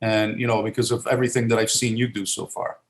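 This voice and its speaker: A man's voice: fairly low pitch, little pitch movement, fast talker, roomy sound. A middle-aged man from Italy, raised in New Jersey, talking casually as an actor guest, rambling with many fillers and restarts. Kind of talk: casual interview talk.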